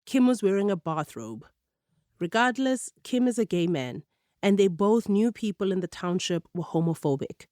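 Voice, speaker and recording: A woman narrating a radio documentary in a measured, clear storytelling manner. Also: mid-range voice, animated, mellow, no room sound, clean studio sound.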